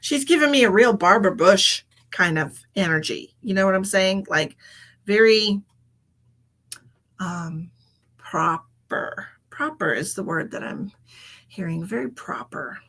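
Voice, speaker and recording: A woman's voice: mid-range voice, expressive, a little slow, fairly bright tone. A woman, giving psychic readings on a live stream in a chatty way and calling people darling and sweetheart. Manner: chatty, calls people endearments. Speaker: psychic medium.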